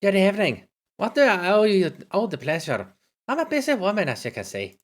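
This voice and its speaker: A man's voice: high voice, sing-song, brisk, voice pushed up. A man voicing a busy, gossipy village woman while reading game dialogue aloud with a theatrical delivery. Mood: welcoming.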